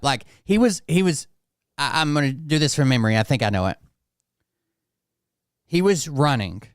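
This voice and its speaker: A man's voice: mid-range voice, clean tone, dry recording, studio quality. A man hosting a reaction show, talking in a blunt, profane, exasperated way. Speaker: channel host reacting to clips. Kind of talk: casual reaction commentary.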